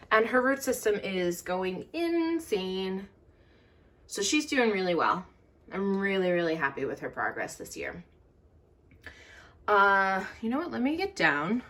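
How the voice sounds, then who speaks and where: A woman's voice: mid-range voice, a bit bright, a little hiss or hum. Woman losing her voice, rambly chatty vlog in her grow room, lots of ums, camera in hand. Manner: chatty and rambling, with many fillers and self-corrections. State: losing her voice, clearing her throat. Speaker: orchid grower and vlogger. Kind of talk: casual show-and-tell vlog. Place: indoor home grow room. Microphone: handheld camera moved around the room.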